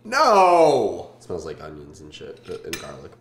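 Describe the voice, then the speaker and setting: A man in his twenties from Southern California hosting a casual food-tasting vlog, joking and swearing in deadpan asides. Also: very deep voice, fast, echoey room, slight background noise. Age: 20s.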